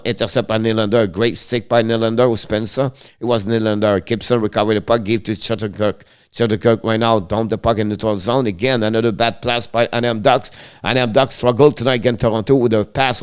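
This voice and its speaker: A man with a French accent doing live-stream hockey play-by-play, rattling off each pass and player in quick, broken English. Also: fairly low pitch, a little mellow, clean tone. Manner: rapid running commentary in broken English, names each pass. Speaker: play-by-play commentator and stream host.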